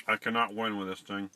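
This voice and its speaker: A man's voice: on the low side, background noise. A middle-aged man hosting a casual live stream, chatting to viewers and fumbling with settings.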